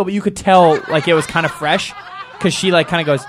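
A man on a talk show telling rambling, animated anecdotes and acting out the quotes. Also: high voice, quick pace, crowd noise, background noise. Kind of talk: casual storytelling chat.

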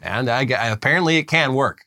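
A man co-hosting a comedy podcast, trading deadpan jokes and dropping low for punchlines. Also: a little fast. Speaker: podcast co-host. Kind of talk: casual comedic chat.

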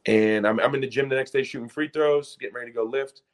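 A young man from Pennsylvania, a former college basketball player, telling a story in a casual podcast interview, excited and rambling, acting out quotes. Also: medium pitch, quick pace, hardly any pauses. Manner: excited, rambling, full of restarts and acted-out quotes.

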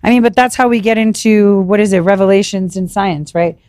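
A woman's voice: medium pitch, a little fast, warm tone, dry recording. A woman chatting and joking as a guest on a podcast, laughing often. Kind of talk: casual chat.

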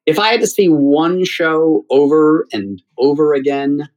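A middle-aged man from the United States, a theater critic, telling anecdotes in conversation in an animated way, often repeating words. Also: a little high, unhurried, low-quality recording.

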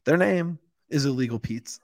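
A man's voice: mid-range voice, animated, normal speed, vocal fry, darkish tone. Enthusiastic man hyping a sponsor. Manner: giggly, enthusiastic, casual. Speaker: podcast co-host. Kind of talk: casual ad read.

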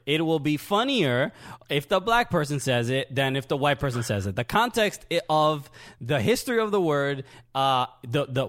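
A man with a fairly high voice talks casually as a podcast co-host. He is earnest and halting and often restarts his sentences while he works through a point. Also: fairly bright tone. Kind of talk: casual comedic chat.

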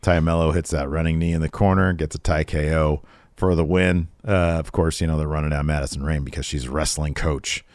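Deep-voiced joking podcast man. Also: steady tone, fairly quick, no echo. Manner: loose, joking, thinks out loud with many fillers. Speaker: podcast co-host. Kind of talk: casual show review chat.

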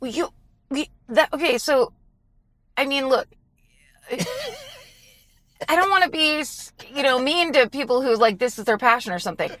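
A woman co-hosting a comedy podcast, chatting casually with quick asides and frequent laughter on a close studio mic. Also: sits high, a bit bright, dry recording. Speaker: podcast co-host.

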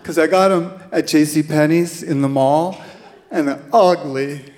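Bored teen girl, voiced by a male storyteller, mocking and slow, stage echo. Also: fairly high pitch, fairly even intonation, darkish tone, lightly acted. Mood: dazed.

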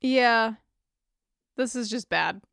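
A woman's voice: on the high side, slow, creaky, fairly bright tone, no echo. Wry woman podcast co-host. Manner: wry asides and dry corrections. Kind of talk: casual chat.

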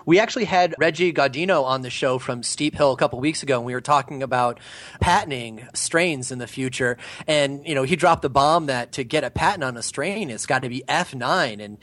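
Guy hosting a podcast, mid-pitch, dry sound, chatty and keen. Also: a bit bright, no echo. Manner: conversational, enthusiastic reactions. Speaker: podcast host. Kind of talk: podcast interview.

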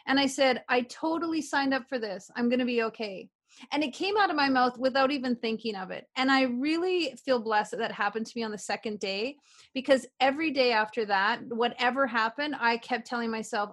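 Upbeat, fairly high-voiced Canadian woman. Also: brisk. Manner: upbeat, animated storytelling with repeated affirmations. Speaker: guest, author and publisher. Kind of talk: casual interview chat.

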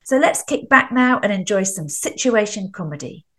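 Female host, chatty links between clips, animated delivery. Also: medium pitch, moderate pace. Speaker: podcast host. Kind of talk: introducing clips.

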